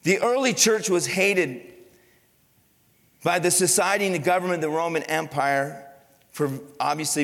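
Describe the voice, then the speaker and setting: A man's voice: high voice, gravelly, fairly bright tone, big-room sound. A man preaching a sermon as pastor, leaning hard on quoted verses and quizzing his congregation with questions. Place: church sanctuary.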